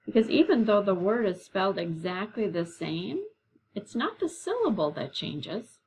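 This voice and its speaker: A woman teacher leading a classroom lesson, explaining patiently and slowly, with frequent "okay"s. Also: medium pitch, big pitch swings, a little mellow, a little hiss or hum, low-quality recording. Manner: slow, patient, drawn-out explanations.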